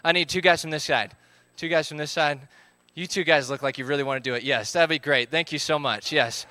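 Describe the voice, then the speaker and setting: A man's voice: fairly high pitch, a little fast, pushed and bright, no echo. A man, leading a live group game, upbeat as he calls out counts and instructions.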